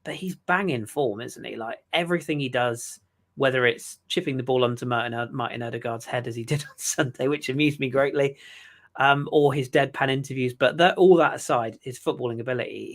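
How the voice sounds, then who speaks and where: A man's voice: mid-range voice, steady tone, brisk, fairly bright tone. Chatty joking male podcast co-host. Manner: chatty and joking, with many fillers and restarts. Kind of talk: casual football chat.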